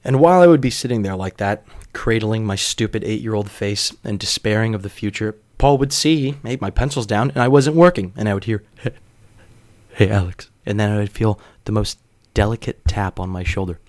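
A man's voice: fairly low pitch, expressive, a little fast, a little mellow, no echo. A young man hosting a podcast, telling a personal story in a wry, self-deprecating way with casual profanity. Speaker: podcast host.

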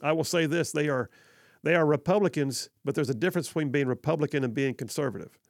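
Gravelly-voiced Southern radio host. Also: male voice, a little high, quick pace, no room sound, studio quality. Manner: chatty, self-deprecating, laughs often. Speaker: radio talk show host. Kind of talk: casual call-in radio talk. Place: radio studio. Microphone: studio microphone.

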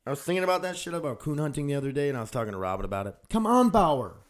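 A man's voice: mid-range voice, very animated, racing. A man hosting a solo podcast from home, rambling and easily sidetracked, frustrated with himself and swearing casually. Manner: frustrated, self-deprecating. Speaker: podcast host. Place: home studio room.

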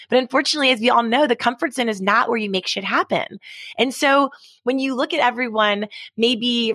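A woman's voice: medium pitch, fairly bright tone, no room sound, clean studio sound. A woman guest on a podcast, an author and speaker, talking energetically and emphatically in a casual interview.

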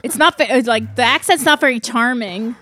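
A woman's voice: fairly high pitch, fairly quick, pushed and bright. A woman co-hosting a podcast in a playful, giggly way. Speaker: podcast co-host. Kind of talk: casual chat.

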